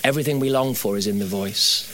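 A middle-aged man preaching a sermon. He builds to fervent, high exhortation, then drops to quiet storytelling. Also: quick pace.

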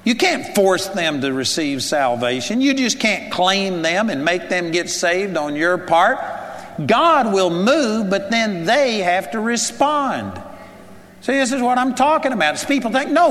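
Man, preacher, high voice, conversational sermon, rhetorical questions, reverberant hall. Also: expressive, unhurried, a bit bright.

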